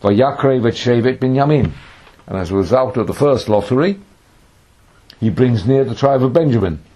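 A man's voice: mid-range voice, animated, moderate pace, dark tone, husky. A man teaching a lesson on a biblical text, reading Hebrew verses aloud, translating them, and giving quoted speech dramatic emphasis. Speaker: Bible teacher.

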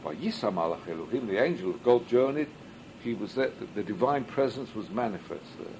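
A man's voice: fairly low pitch, animated, a little fast, darkish tone, a little hiss or hum, rough recording. A man teaching a Midrash class as a rabbi, reading Hebrew and then translating it, and asking rhetorical questions that he answers himself. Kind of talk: Midrash study lesson.

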